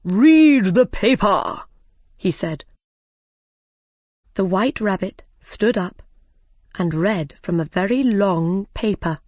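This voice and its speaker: A woman narrating a simple story slowly and clearly for language learners. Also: mid-range voice, a little mellow, dry recording, clean studio sound. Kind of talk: slow graded-reader narration.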